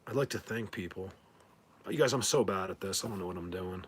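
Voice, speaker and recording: Male streamer, husky, rambling and stammering, casual thank-you chat. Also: sits low, a little fast. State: whistling ringing in ears. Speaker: livestream host.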